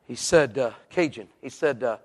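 A male evangelist, telling an animated story in a sermon and acting out the people in it. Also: mid-range voice, normal speed. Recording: long reverb in a large hall.

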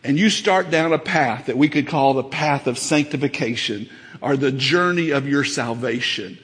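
A man preaching a sermon in a church, folksy and fervent, building up to shouts. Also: medium pitch, normal speed, long reverb tail. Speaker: pastor. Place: church sanctuary.

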